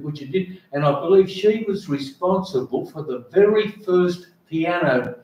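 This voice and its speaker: An older man with an Australian accent asking a speaker rambling, halting questions from an audience. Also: high voice, animated, muffled recording. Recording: echoey room from far off.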